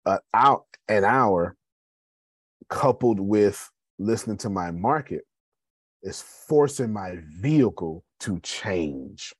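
Low, husky-voiced man. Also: lively intonation, takes it slowly, no room sound. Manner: conversational, addresses listeners as y'all. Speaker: host. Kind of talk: motivational business talk.

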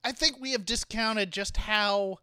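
A man co-hosting a podcast, chatting casually, excitable and breaking into laughter as he riffs. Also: high voice, a little slow, clear, resonant tone, dry recording, studio quality. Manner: excitable, laughs a lot, riffing. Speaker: podcast co-host. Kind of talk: casual chat.

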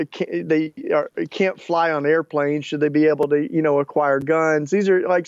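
An earnest male guest speaking in a fairly high voice, searching for words with frequent restarts. The recording is dull and lo-fi, dry with no room sound. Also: a little mellow, no room sound. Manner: earnest, many restarts and fillers. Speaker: author and activist guest. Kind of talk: interview clip, casual explaining.

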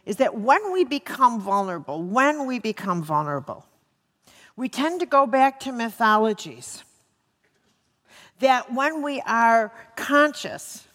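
A woman giving a live talk on healing to an audience, joking with them and repeating words for emphasis. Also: fairly high pitch. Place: lecture hall with an audience. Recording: long reverb of a lecture hall.

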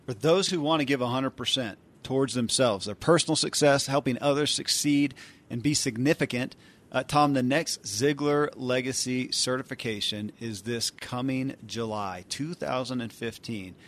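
A man's voice: medium pitch, moderate pace, a bit bright. A man co-hosting a podcast, talking conversationally and promoting an upcoming course. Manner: conversational, with frequent uh fillers. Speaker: podcast co-host.

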